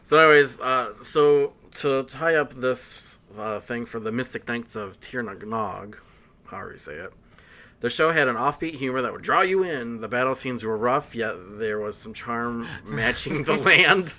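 Man, podcast host, casual chat, eager, rambling, bright tone. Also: mid-range voice, animated, normal speed.

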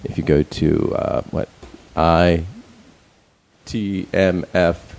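A man's voice: low voice, fairly even intonation, drawn-out words, vocal fry, a little mellow. A man in a casual chat, rambling with many fillers and restarts and speaking bluntly, with some profanity.

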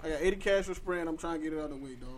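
Fast-talking animated podcast host man. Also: fairly high pitch. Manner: animated storytelling, heavy slang. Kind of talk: casual podcast banter.

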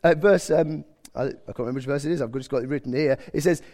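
A man's voice: a little high, quick pace, mellow. A man preaching a sermon, explaining a passage in a conversational way with frequent self-corrections.

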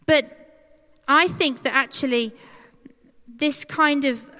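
A woman preaching a conversational, animated sermon, acting out quoted voices. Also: high voice, slow. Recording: long hall reverb.

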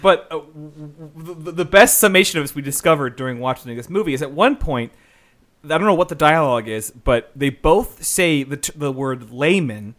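A man's voice: a little high, animated, normal speed, a bit bright. A man co-hosting a casual movie review podcast, ranting emphatically and laughing often. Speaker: podcast co-host.

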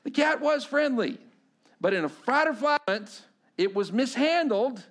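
A man's voice: very high voice, expressive, moderate pace. A male pastor preaching a sermon, talking conversationally and telling stories with asides to the congregation.

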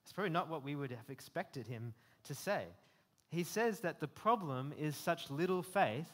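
Earnest man preaching, fairly high voice. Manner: earnest, conversational preaching with frequent restarts. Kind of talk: sermon.

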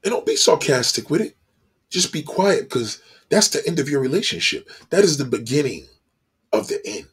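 A man delivering a blunt, profane monologue, animated and acting out the people he talks about. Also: medium pitch, slightly rough.

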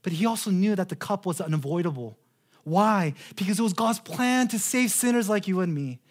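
Preaching earnestly, the pastor, a man in his thirties, lets his pitch rise and fall dramatically in an expressive delivery. He stresses key phrases by slowing down, frequently echoing words when beginning a thought again.

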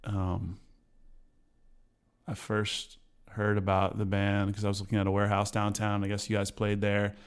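A man hosting a podcast in a relaxed, joking way, with lots of fillers and restarts. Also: lowish voice, normal speed, clean tone. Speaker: podcast host. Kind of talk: casual interview chat.

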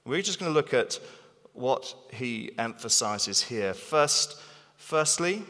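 A man preaching with a bright, forceful voice set a little high for a man. He speaks in an animated, emphatic way and repeats phrases for stress. His words ring out with the long reverb of a big hall. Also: slow. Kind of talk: sermon.

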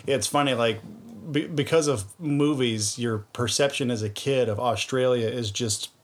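A man's voice: mid-range voice, moderate pace. A man co-hosting a podcast, chatting casually and joking, laughing often. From Georgia, USA. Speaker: podcast co-host. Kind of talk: casual chat.

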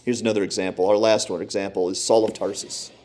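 A man's voice: fairly low pitch, level tone, fast talker, a little mellow. A man preaching a sermon, retelling Bible stories with dramatic, acted-out voices. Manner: dramatic storytelling, acts out Bible characters.

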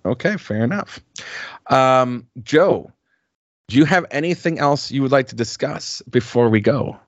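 A man's voice: mid-range voice, lively intonation, a little slow, no room sound, lo-fi sound. A man co-hosting a music podcast, chatting casually and rambling with lots of fillers and restarts. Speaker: podcast co-host. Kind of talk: casual chat.

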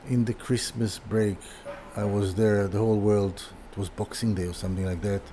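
This is a fairly low-pitched, warm male voice with fairly even intonation, backed by a little hiss or hum. It belongs to an older furniture designer telling a casual story as an interview guest, his sentences halting and often restarted, with words repeated.

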